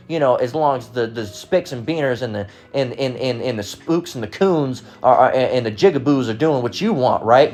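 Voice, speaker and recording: An American man ranting at an ordinary middle pitch, heated and sarcastic, swearing often and stumbling over restarts. Faint music runs softly behind his voice. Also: lively intonation, brisk, hardly any pauses. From United States. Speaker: vlogger. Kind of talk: casual rant.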